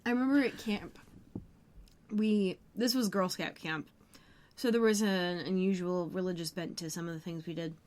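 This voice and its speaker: A woman's voice: on the low side, normal speed, a little mellow. A woman co-hosting a podcast, recapping a TV episode in casual chat, full of jokes and side remarks. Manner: chatty, jokey, tangents and side comments. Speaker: podcast co-host.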